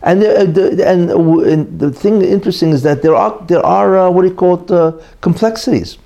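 A man's voice: sits high, a little fast, vocal fry, warm tone. A man teaching an informal religious class, telling a story with many "you know" asides and restarts. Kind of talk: informal Torah class talk.

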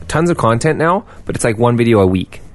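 A man's voice: medium pitch, very animated, quick pace, dry recording. A man co-hosting a casual podcast, joking and swearing freely. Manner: jokey, swears, tosses in silly voices. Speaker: podcast co-host. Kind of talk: casual chat.

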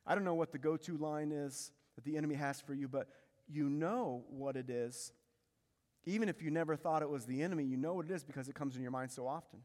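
A pastor preaches fast in a church sanctuary, his voice a little high and a little mellow. Emphatic, he repeats key phrases and asks his congregation rhetorical questions. The sound carries a large hall's long reverb.

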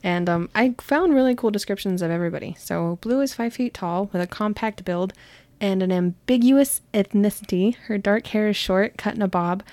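A young woman from California co-hosting a book podcast, chatting casually and quickly with lots of "like" and laughter. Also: mid-range voice, a little mellow, dry recording. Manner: talks fast, giggly, lots of "like". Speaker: podcast co-host. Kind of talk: casual chat, reading book descriptions.

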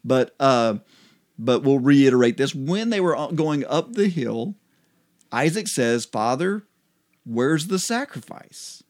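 Man, co-host, casual Bible talk, relaxed, laughs often, mid pitch. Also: slow. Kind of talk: casual Bible study chat.

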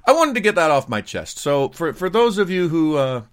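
Animated rambling man telling a story. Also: fairly high pitch, moderate pace, no room sound, clean studio sound. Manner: animated, rambling with many restarts and asides. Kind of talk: casual storytelling monologue.

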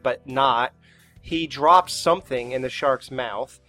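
A man's voice: medium pitch, slow, pushed and bright, soft background music. A man co-hosting a podcast, joking sarcastically about a movie and swearing freely. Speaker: podcast co-host. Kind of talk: casual movie review chat.

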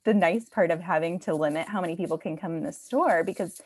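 A woman's voice: on the low side, fast, a little mellow, slightly rough. A woman who owns a bridal shop, talking casually in a podcast conversation with many fillers and restarts. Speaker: bridal boutique owner.

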